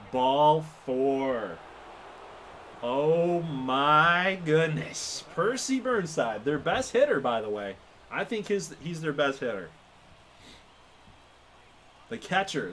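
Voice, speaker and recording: A man giving casual play-by-play commentary over a baseball video game, excitable and quick to laugh and react to each play. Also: on the high side, a little hiss or hum. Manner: excitable, laughs often, reacts loudly to plays. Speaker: gaming channel host.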